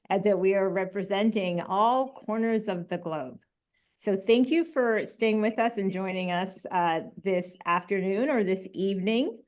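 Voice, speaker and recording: Woman, webinar host on a video call from home, casual and filler-heavy. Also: medium pitch. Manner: friendly, filler-heavy, stops to read questions. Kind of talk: casual online webinar talk.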